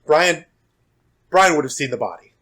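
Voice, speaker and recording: Husky-voiced young man, casual podcast chat. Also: on the high side, animated, moderate pace, a bit bright, rough recording. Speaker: podcast co-host. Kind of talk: casual film discussion.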